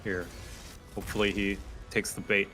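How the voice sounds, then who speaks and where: A man's voice: lowish voice, flat delivery, moderate pace, sharp tone, faint music behind. A man playing a co-op game with friends, teasing them dryly and laughing often. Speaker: co-host and player. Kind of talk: casual gameplay banter.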